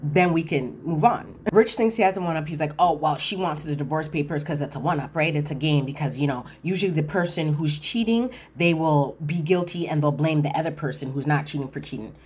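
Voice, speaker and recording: A woman casually recapping a reality TV episode, chatty and animated, acting out cast members' lines and correcting herself as she goes. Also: low-pitched, a little fast, hardly any pauses, breathy edge. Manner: animated, quotes cast members in voiced asides; chatty, frequent fillers and self-corrections.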